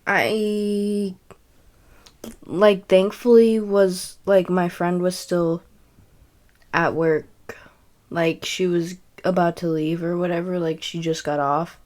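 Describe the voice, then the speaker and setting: Young woman, low voice, casual storytelling, rambling, swears. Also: flat delivery, takes it slowly, long pauses, a little mellow. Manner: rambling, frequent fillers and self-corrections, swears. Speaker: podcast host.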